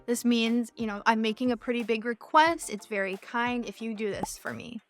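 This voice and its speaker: Woman english teacher, voice a bit high, patient, goes through lots of examples, soft music behind. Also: moderate pace. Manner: patient, explains step by step with many examples. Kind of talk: online English lesson.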